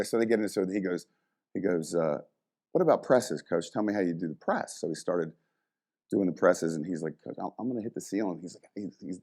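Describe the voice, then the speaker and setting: A middle-aged man, a former strength coach, telling stories in a casual interview and acting out the people in them. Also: deep voice. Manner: animated storyteller, acts out quoted voices.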